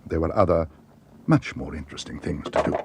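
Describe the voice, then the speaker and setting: A man narrating a children's storybook with a gentle, expressive reading. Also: rumbling low, fairly quick, vocal fry.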